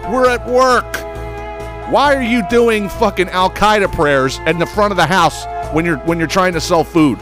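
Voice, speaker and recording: A man from the United States hosting a podcast, telling a comedic story in a profane, animated way with stammering restarts. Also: sits high, moderate pace, over music. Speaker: podcast host.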